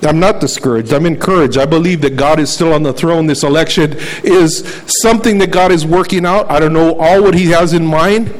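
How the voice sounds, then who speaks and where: A man's voice: a little high, a little fast, few pauses, poor audio. A man preaching a sermon in a conversational, fervent way, often repeating words as he searches for them. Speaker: pastor.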